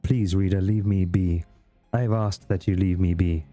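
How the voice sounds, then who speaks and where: A man's voice: low-pitched, steady tone, moderate pace, warm tone, muffled recording, faint music behind, natural voice. A man reading a weary, proud seer woman. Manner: formal, archaic, dismissive.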